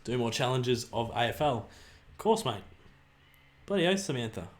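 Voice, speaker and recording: Excitable Australian man calling a live match. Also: mid-range voice, moderate pace. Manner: excitable, cheers and groans at players, chatty. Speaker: livestream host. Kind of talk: live watch-along commentary and chat reading.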